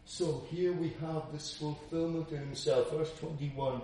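A man preaching an expository Bible sermon, earnest and emphatic, with slow deliberate stretches. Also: on the high side, fairly even intonation, warm tone. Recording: echoey room, distant mic.

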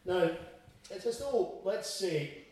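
A man's voice: high voice, expressive, takes it slowly, darkish tone, heavy reverb, recorded from a distance, rough recording. A man giving a sermon, reading scripture aloud and explaining it in plain words. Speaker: preacher.

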